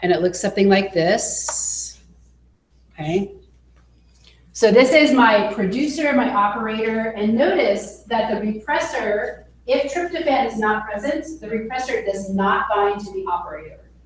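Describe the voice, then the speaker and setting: A woman teaching a biology class, explaining slowly and checking in with her students as she goes. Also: on the high side, expressive. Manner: slow, explanatory, checks in with okay. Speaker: biology instructor. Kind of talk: classroom lecture. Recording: echoey classroom with faint noise.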